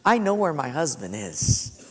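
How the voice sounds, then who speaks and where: A man putting on the voice of a cheerful widow who is strong in her faith, speaking in a bright, chirpy way. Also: a little high, sing-song, unhurried, breathy edge, exaggerated voice. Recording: long hall reverb.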